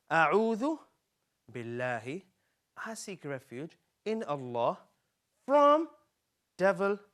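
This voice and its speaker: A man teaching children on a live show, with a slightly high voice. He coaxes and cheers the kids along and repeats key words slowly. His delivery is lively and encouraging. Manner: animated, coaxing, repeats words for young learners. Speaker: Quran teacher.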